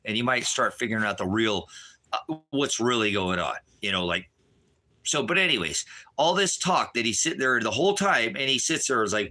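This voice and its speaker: Irritated and worked up, a middle-aged man who hosts a ministry livestream launches into an angry political rant. His medium-pitched voice is expressive, brisk, pushed and bright, and he's profane, combative and sarcastic.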